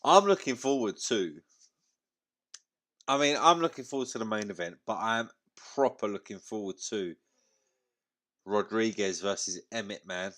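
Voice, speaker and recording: A man's voice: on the low side, moderate pace, pauses often, fairly bright tone. A man hosting a live fight watchalong, chatting casually, swearing freely and using lots of slang. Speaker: livestream watchalong host.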